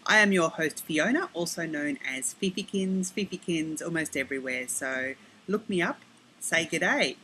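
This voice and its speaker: A middle-aged Australian woman hosting a podcast, chatting casually and rambling with quick self-corrections and asides, recorded outdoors on her deck. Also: sits low, sharp tone, a little hiss or hum, poor audio. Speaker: podcast host. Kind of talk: casual chat.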